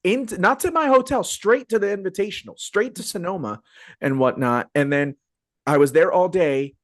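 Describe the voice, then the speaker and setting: Animated male podcast host, dry sound. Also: high-pitched, moderate pace, no room sound. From Phoenix, Arizona area. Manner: animated, enthusiastic, lots of fillers and restarts. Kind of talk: casual podcast chat. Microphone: video call podcast mic.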